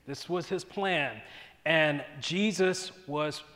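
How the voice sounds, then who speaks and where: A man preaching a conversational Bible teaching in a casual, animated way, often checking in with his listeners with a quick "right?". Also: fairly high pitch, long reverb tail.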